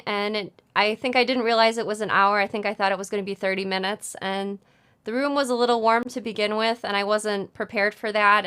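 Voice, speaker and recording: A woman's voice: mid-range voice, a bit bright, clear, resonant tone. A woman in her thirties co-hosting a sewing channel, chatting casually and laughing often. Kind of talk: casual chat.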